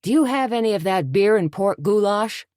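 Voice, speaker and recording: A woman performs a scruffy, dim-witted, scheming man who talks in folksy slang, sounding eager, pitched above her natural voice with light acting. Her mid-range delivery is expressive, a little mellow and moderately paced, in a dry, clean studio recording.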